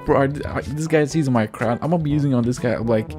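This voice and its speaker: A man's voice: mid-range voice, quick pace, over music. Rambling young man trash-talking while gaming. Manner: rambling, filler-heavy, excitable and profane. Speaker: gaming YouTuber. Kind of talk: casual gameplay commentary.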